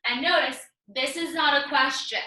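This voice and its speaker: A woman's voice: high-pitched, fairly even intonation, normal speed, sharp tone, roomy sound, recorded from a distance, poor audio. A woman teaching an English class, explaining patiently and reassuringly step by step. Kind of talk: online class lesson.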